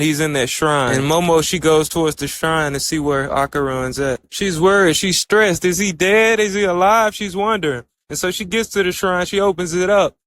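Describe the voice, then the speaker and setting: A man's voice: a little high, fairly bright tone, slight background noise. Man casually retelling a story. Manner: retells scenes with running "and so" and "she says". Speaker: anime recap reviewer.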